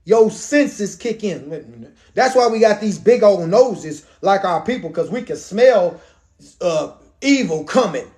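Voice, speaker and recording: A man's voice: high voice, expressive, slow, darkish tone. A man, a pastor, reading Bible verses aloud and explaining them in casual street slang with jokes. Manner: reads archaic verses then riffs in street slang with humor. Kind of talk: scripture reading with commentary.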